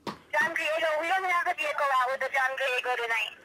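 A woman dispatcher on the phone, calm, firm and businesslike. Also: sits high, brisk. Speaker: limo company dispatcher. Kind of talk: phone call. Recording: noisy phone line.

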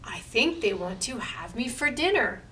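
A woman's voice: fairly high pitch, very animated, normal speed, pushed and bright, far from the mic, slight background noise. A woman reading a picture book aloud voices a nervous, timid male skeleton who talks anxiously.

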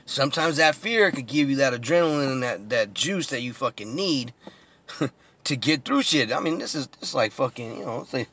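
A man's voice: mid-range voice, normal speed, slightly rough. A man recording a casual tour of his old neighborhood on a phone from a car, telling street stories with lots of swearing and laughter. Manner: profane, laughing, animated storytelling. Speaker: vlogger giving a neighborhood tour. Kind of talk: casual storytelling while driving. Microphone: phone camera.

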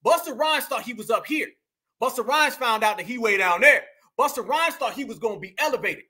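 A man hosting a reaction commentary show, loud and mocking, often repeating catchphrases and addressing his viewers as "y'all.". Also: extremely high pitch, expressive, brisk, husky.

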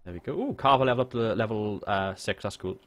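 A man's voice: on the low side, fast, slight background noise. Chatty Welsh man streaming a game. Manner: excitable, jokey, swears freely. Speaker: game livestreamer. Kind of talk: casual live gameplay chat. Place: home room.

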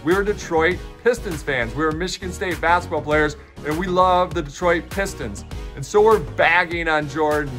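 A lively man in his forties tells stories straight to the audience with an animated, upbeat delivery. His voice sits a little high, and a clear music bed plays behind him. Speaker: host and keynote speaker. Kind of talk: casual storytelling to camera.

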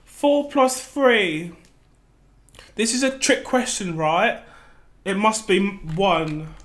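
A woman's voice: medium pitch, slow, pitched below the performer's own voice, lightly acted. A woman playing a frightened, clueless noob gamer in a comedic gameplay skit, gasping and exclaiming. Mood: scared. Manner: gasping, easily startled, exclaiming.

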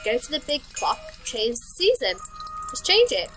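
A woman voicing a fussy, cryptic old male clockmaker who speaks slowly and deliberately. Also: sits high, huge pitch swings, over music, low-quality recording.

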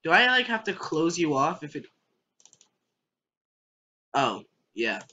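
A young adult gamer rambles through let's play commentary in a bright, crisp voice, cracking jokes and scolding the game out loud. The pitch swings widely from low mutters to high yelps. The recording sounds dull and lo-fi. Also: big pitch swings, takes it slowly. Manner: jokey, rambling, talks to the game.

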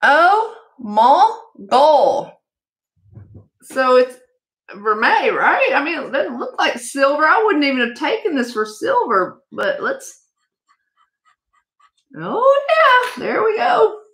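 Bubbly high-voiced woman vlogger. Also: slow, long pauses. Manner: excitable, gushing, chatty asides to viewers. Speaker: jewelry haul vlogger. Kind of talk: casual unboxing chat.

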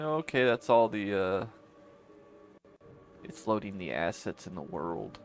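A man streaming a video game, talking casually with excited reactions and swearing. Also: fairly low pitch, unhurried, long pauses. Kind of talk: gaming commentary.

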